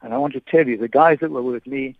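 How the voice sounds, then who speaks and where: An older man phones in to a radio show, his voice squeezed thin by the telephone line. He speaks haltingly, doubling back over words and restarting sentences as he remembers. The sound is dry and close, with no room around it. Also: medium pitch, vocal fry, no room sound. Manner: hesitant, many repeated words and restarts. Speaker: guest, veteran sports broadcaster. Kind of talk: phone-in reminiscence.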